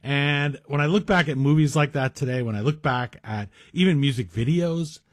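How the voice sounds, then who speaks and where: A man's voice: a little high, normal speed, no echo, studio quality. A middle-aged man guest hosting a talk radio show, chatty and wry, with self-deprecating asides. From Greek heritage. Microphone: studio microphone.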